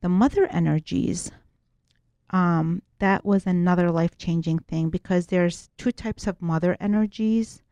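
Woman guest, earnest, restarts her sentences, low pitch, mellow voice, dry sound. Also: dry recording. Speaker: guest, writer and spiritual workshop teacher. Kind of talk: earnest explanatory interview talk.

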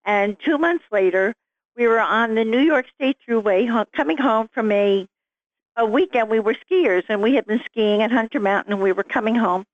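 Middle-aged woman guest, lively storyteller, slightly high voice, dull lo-fi dry recording. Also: moderate pace, no echo. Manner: animated, vivid storyteller. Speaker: author guest. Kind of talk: storytelling interview.

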